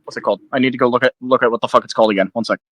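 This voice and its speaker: A man's voice: medium pitch, steady tone, rapid-fire, breathy edge, dry recording. A man playing a tabletop game in a casual, hesitant way, with fillers and laughs. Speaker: player.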